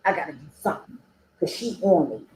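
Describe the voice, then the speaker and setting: A woman's voice: on the low side, sing-song, quick pace, darkish tone, reverberant, slight background noise, low-quality recording. A woman sharing her personal recovery story at a meeting, chatty and conversational, acting out the dialogue she quotes and often checking in with "okay?" and "you know?".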